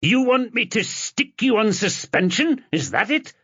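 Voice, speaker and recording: A man voicing a furious, blustering male police boss who scolds and shouts. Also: fairly high pitch, very animated, slow, no echo, lo-fi sound, voice pushed up, exaggerated voice.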